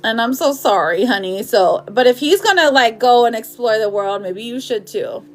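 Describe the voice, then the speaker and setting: A woman with a slightly high voice hosts a live tarot stream. She talks to viewers in a warm, chatty way, laughing often and reading their comments aloud between card pulls. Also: animated, normal speed. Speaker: tarot reader.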